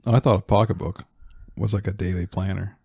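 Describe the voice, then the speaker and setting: A man chatting on a podcast in a low voice that is very husky and breathy, with a gravelly fry. He sounds laid-back and chuckles often, recorded dry and close. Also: steady tone, fairly quick, a little mellow, no echo. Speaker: podcast co-host. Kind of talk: casual chat.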